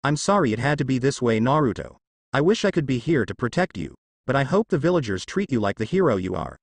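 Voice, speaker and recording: A man's voice: medium pitch, very animated, fast, husky, dry recording. A man voicing a young male ninja leader and grieving father in a fanfiction audiobook reading, earnest and tender.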